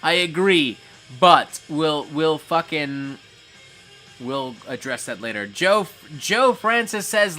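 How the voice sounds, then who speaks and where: A man's voice: a little high, lively intonation, takes it slowly, sharp tone, faint music behind. A man hosting a casual livestream, reading chat messages aloud and reacting with frequent swearing.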